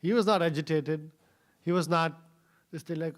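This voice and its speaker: A man giving a scripture class in a temple, telling a story with many fillers and pauses. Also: on the high side. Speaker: scripture speaker. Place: temple hall.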